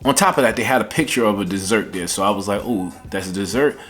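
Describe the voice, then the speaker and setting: Low-voiced excitable man reviewing scents. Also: fast, faint music behind. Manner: excitable, enthusiastic, folksy. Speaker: fragrance reviewer. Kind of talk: casual review vlog.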